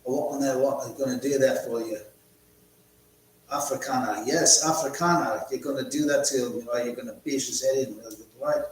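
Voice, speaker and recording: A man's voice: medium pitch, steady tone, fairly quick, natural voice. Guy doing a mean hard man, taunting and picking a fight, super echoey room with a little hum. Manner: taunting, mock-threatening. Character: menacing South African tough guy, taunting.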